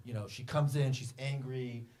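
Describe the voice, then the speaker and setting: A man, the film's director, answering audience questions at a festival screening in a theater, rambling and animated with many fillers. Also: medium pitch, normal speed. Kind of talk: festival Q&A talk. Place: movie theater.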